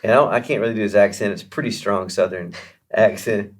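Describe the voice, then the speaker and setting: A man being interviewed as a guest musician, telling a long story in a chatty, animated way with many fillers and restarts. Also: fairly low pitch, quick pace, breathy edge.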